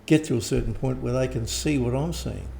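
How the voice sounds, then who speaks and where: An older man, talking casually and rambling as an interviewed teacher, often clearing his throat. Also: medium pitch, brisk, mellow, a little hiss or hum. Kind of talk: casual conversation.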